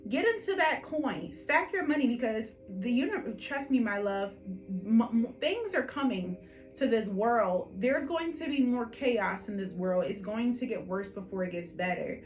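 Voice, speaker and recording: A woman with a Philadelphia accent leads a collective tarot reading, her voice sitting on the higher side. She is chatty and affectionate, calling listeners honey and my love and tossing in "okay?" as she goes. Faint music plays underneath. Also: measured pace, rough recording. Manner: animated, emphatic, frequent "okay?" check-ins. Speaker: tarot reader.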